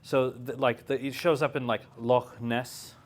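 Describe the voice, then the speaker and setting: A man's voice: mid-range voice, flat delivery, a little slow. Male teacher, casual and jokey, mid-range voice, classroom lesson. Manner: joking, chatty, laughs often. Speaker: Hebrew teacher.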